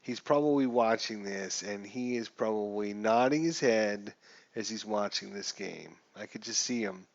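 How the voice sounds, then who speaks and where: A man's voice: fairly low pitch, moderate pace, creaky, no echo, lo-fi sound. A man giving casual gameplay commentary while playing a baseball simulation, chatty and thinking aloud as he checks the rules. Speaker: gamer playing a baseball sim.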